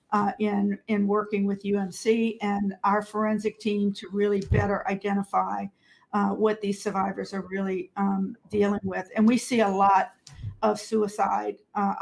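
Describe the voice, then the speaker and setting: A woman's voice: medium pitch, gravelly, a little mellow. A woman speaking on a video call panel discussion, talking steadily with many fillers. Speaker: service provider on a panel.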